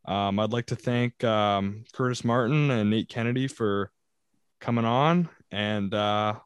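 A man hosting a casual football podcast, relaxed and full of fillers. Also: on the low side, a little slow, smooth, no echo, studio quality. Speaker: podcast host. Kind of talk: casual sports podcast chat.

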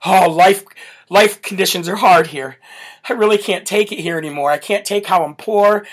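A man's voice: high-pitched, normal speed. A man mocking a whiny fed-up migrant man.

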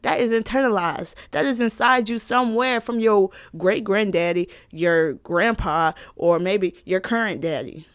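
A woman vlogger giving her opinion in a sassy, animated casual rant with laughing asides. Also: mid-range voice, measured pace, few pauses, no echo, clean studio sound.

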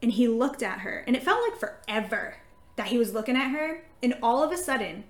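A woman with a fairly high voice tells a story in loose, chatty podcast talk, piling up fillers as she goes. The room around her is echoey and reverberant. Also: fairly quick. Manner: animated storytelling with many fillers. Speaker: podcast co-host. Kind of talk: casual faith-talk podcast chat.

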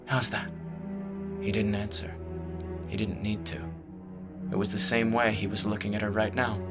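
A man narrating a fantasy novel in a measured, expressive storytelling voice. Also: on the low side. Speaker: audiobook narrator. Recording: music playing underneath.

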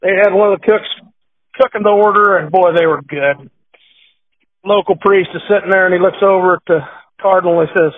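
Folksy rancher over a phone line. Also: male voice, high voice, fairly even intonation, fairly quick. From Nebraska, USA. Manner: folksy, rambling, repeats his words. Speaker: cattle breeder, podcast guest. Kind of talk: casual phone interview and joke telling.

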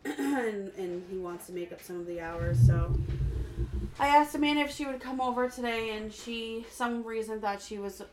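A woman's voice: a little high, moderate pace, background noise. A woman co-hosting a casual podcast chat, teasing her friend with blunt banter. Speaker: podcast co-host.

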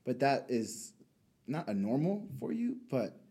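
A young man hosting a casual podcast conversation, reflective and relaxed, often checking in with tag questions. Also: mid-range voice, measured pace, husky. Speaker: podcast host.

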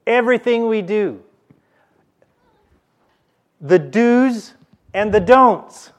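A male pastor preaching a sermon in a church, slow and emphatic, repeating key phrases for the congregation. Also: high voice, animated.

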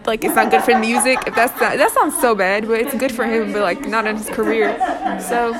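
A woman's voice: on the high side, brisk, over music. A young woman co-hosting a casual chat podcast, chatty and rambling. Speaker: co-host.

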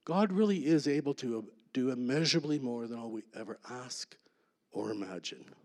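A man's voice: medium pitch, animated, moderate pace. Man preaching in a reverberant hall. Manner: emphatic, dropping to a hush on key lines. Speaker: preacher sharing testimony. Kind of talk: sermon testimony.

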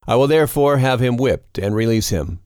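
A man's voice: mid-range voice, expressive, fairly quick, darkish tone, clear, resonant tone, no echo, studio quality, voice pushed up, lightly acted. A man reading the lines of a weary male Roman governor who argues in a formal, reasoning tone, in scripted scripture reading.

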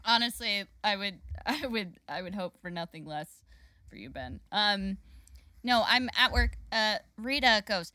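Bright-voiced woman telling a funny story. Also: medium pitch, a little slow, no echo. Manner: animated, laughing storyteller. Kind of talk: casual storytelling.

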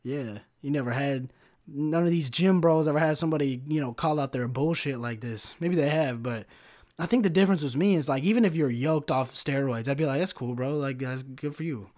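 A man's voice: fairly high pitch, a little fast, darkish tone. A young man hosting a solo podcast rant, profane and sarcastic, constantly saying "bro" and "like". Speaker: podcast host.

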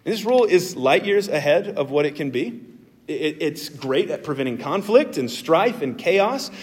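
A man preaching a sermon as a pastor, earnest and animated, with emphatic jumps in his voice. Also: a little high, moderate pace. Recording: long hall reverb.

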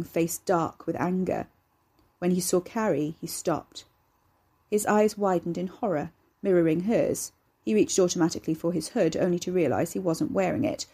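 A woman narrating a serialized horror story in a steady, measured way. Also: lowish voice, vocal fry, breathy edge. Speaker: narrator and author. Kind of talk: serialized horror fiction reading.

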